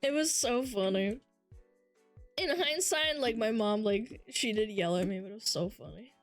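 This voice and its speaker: High-voiced, foul-mouthed young woman streamer. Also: normal speed, soft background music. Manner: profane, animated storytelling. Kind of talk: casual chat reading chat.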